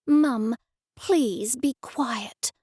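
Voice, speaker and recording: A woman's voice: high-pitched, animated, moderate pace, a little mellow, no echo, clean studio sound. A woman voicing an exasperated young woman who snaps and pleads with her mother. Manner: snappish and pleading by turns. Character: exasperated young woman, funeral home heir.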